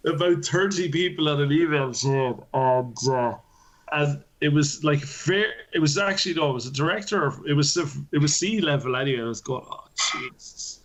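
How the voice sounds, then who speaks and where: A man co-hosting a podcast, telling a story in an animated, profane way and laughing often. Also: on the high side, normal speed. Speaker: podcast co-host. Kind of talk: casual chat.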